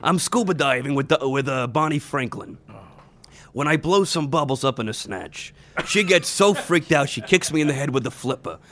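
A man's voice: fairly high pitch, expressive, moderate pace, fairly bright tone, slight background noise. A man playing a brash, crude old vaudeville-style comic in a comedy sketch, firing off punchlines. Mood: boastful. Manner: brash joke-telling with rimshot-style punchlines.

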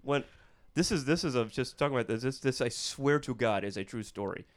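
A man in casual podcast chat, telling a long story with his voice at an ordinary pitch. He acts out each quote in a changed voice and keeps the tale rolling. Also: fairly quick. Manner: animated storyteller acting out quotes.

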